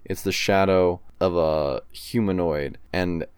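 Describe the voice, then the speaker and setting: A man co-hosting a podcast, slowly describing a spooky story scene in a measured storytelling way. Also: low-pitched, a little mellow, clear, resonant tone, dry recording. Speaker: podcast co-host.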